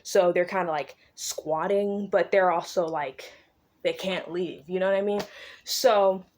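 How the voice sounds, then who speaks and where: A young woman chatting casually as she recaps a novel, swearing freely and slipping into quick impressions of the characters. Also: on the low side, steady tone, darkish tone, a little hiss or hum. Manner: slangy, swears freely, acts out characters' lines in quick asides. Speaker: book vlogger recapping a novel.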